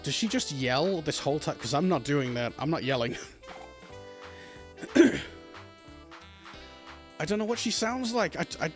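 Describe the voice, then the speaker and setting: A man playing through a game on stream, rambling and giggling at himself as he goes. His talk is slow and bouncy in pitch, with faint music behind. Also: very animated. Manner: giggly, rambling, self-mocking. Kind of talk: let's play commentary.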